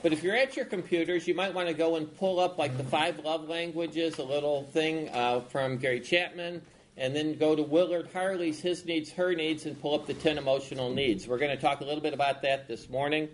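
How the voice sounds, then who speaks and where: Man teaching a marriage class, slightly higher voice, folksy storyteller, casual and rambling. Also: steady tone, a little fast, a little hiss or hum, poor audio. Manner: folksy storyteller, many restarts. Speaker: marriage workshop leader. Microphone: class also streamed on video call.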